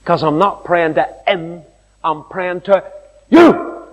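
A man's voice: sits high, steady tone, slow, voice pushed up. A man voicing a plain-spoken former burglar with a Cockney accent, praying bluntly and directly. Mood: blunt, defiant. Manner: blunt, direct, unadorned prayer. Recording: long hall reverb.

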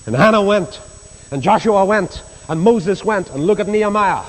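An older Northern Irish preacher tells Bible stories with a fairly high voice. His pitch climbs when he presses a point, and he acts out the voices of the people in the stories. A long reverb trails each phrase. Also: moderate pace. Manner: storytelling, acts out quoted voices, rises in pitch for emphasis. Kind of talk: sermon.

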